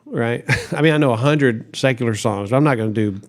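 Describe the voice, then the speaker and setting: Animated storytelling man, pastor. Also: mid-range voice, brisk. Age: middle-aged. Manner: animated storyteller, acts out quotes, laughs often. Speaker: pastor, interview guest. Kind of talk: casual storytelling interview.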